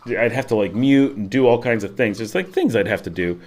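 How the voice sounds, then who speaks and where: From his home office, a man hosts a casual livestream into a desk mic, rambling through his thoughts with lots of fillers and lively shifts in tone. His voice is on the low side and fairly quick.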